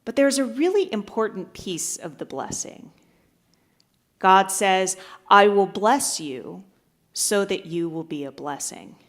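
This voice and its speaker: A woman's voice: medium pitch, expressive, slow pace. A woman pastor giving a sermon, telling a joke with acted-out voices and then preaching. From United States. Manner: storytelling, acts out voices in a joke.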